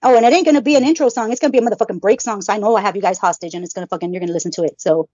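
A woman's voice: mid-range voice, racing, darkish tone, no echo. A woman co-hosting a podcast, swearing constantly and ranting in mock anger in casual chat. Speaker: podcast co-host. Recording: dull lo-fi sound.

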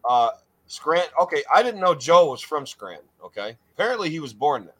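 A man's voice: on the high side, big pitch swings, fairly quick, fairly bright tone, breathy edge, poor audio. Playful man hosting a chat show. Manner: playful mock-grand introductions, repeats words. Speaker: podcast host. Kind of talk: casual chat.

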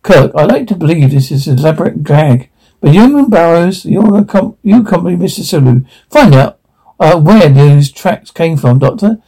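A steady male starship captain, read aloud by a man in a halting, unpolished delivery. His voice is slightly high, gravelly and mellow. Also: exaggerated voice, low-quality recording. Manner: plain, halting script reading.

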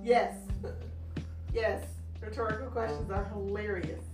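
A woman's voice: mid-range voice, fairly even intonation, unhurried, a little mellow. A woman co-hosting a podcast, chatting playfully and acting out a strict parent. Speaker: podcast co-host. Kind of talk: casual chat. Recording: echoey room, distant mic, music behind.

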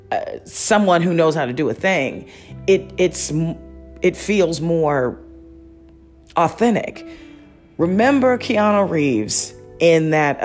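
A woman hosting a podcast, talking casually in a rambling, chatty way with many fillers and restarts. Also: low-pitched. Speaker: podcast host. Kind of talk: casual solo review chat.

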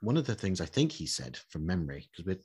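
A man's voice: sits low, very animated, fast talker, darkish tone, slightly rough. A British man in his forties interviewing a guest in casual chat, hesitant, with fillers and false starts. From Britain. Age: 40s.

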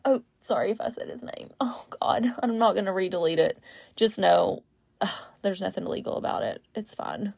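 A woman's voice: medium pitch, sing-song, moderate pace, vocal fry, a little mellow, breathy edge, dry recording. A woman hosting her own podcast, talking in a rambling, casual way full of fillers and self-corrections. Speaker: podcast host. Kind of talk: casual solo podcast monologue.

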